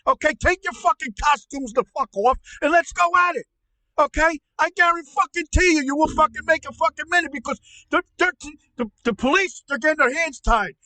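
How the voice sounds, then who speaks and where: A man playing an angry middle-aged uncle in a comedy podcast, ranting loudly, swearing and stammering. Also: very high-pitched, normal speed, no room sound, full character voice. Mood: furious ranting. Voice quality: shouty, profane, stammering. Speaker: podcast co-host. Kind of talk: comedic rant.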